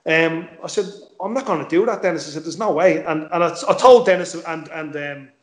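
A man's voice: fairly high pitch, a little fast, reverberant. A man casually telling a football story, swearing freely and acting out the dialogue. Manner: swears freely, tells stories with quoted dialogue. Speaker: former footballer guest.

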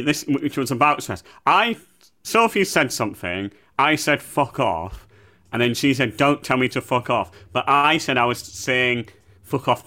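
Male co-host, bright tone, playful rambling chat. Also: mid-range voice. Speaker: podcast co-host. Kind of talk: casual comedy chat.

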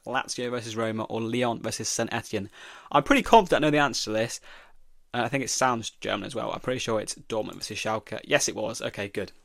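Male host, young, mid-pitched, dry recording; muses his way through a play-along quiz. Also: fairly bright tone, dry recording. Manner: thinks aloud, reading questions and guessing. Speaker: podcast host. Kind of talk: solo football quiz podcast.

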